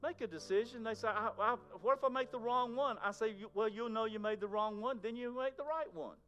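A man preaching a sermon in a conversational way, moving between loud emphasis and near-whispers. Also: high voice, fairly quick, clear, resonant tone, soft background music. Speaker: pastor.

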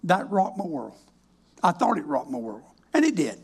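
An older minister with a drawl delivers a personal testimony like a sermon, in a husky, slightly rough voice. He's folksy and plainspoken with dry, wry humor, and his darkish, high-ish voice is very animated at a moderate pace.

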